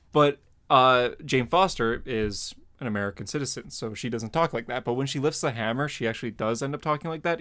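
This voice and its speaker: Male podcast host, mid pitch, loose rambling delivery with fillers. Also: fairly bright tone. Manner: rambling, lots of fillers and laughs. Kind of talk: casual chat.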